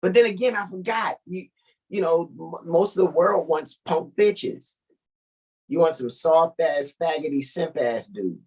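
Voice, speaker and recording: A man's voice: fairly high pitch, unhurried, darkish tone, breathy edge, rough recording. A man co-hosting a casual podcast chat, blunt and profane with a preachy edge. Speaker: co-host.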